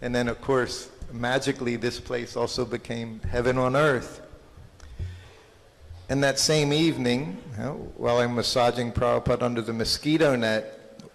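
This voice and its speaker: A man giving a halting, reminiscing talk as a guest speaker at a temple anniversary, with many fillers and restarts. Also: medium pitch, steady tone, creaky. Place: large temple hall. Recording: long hall reverb.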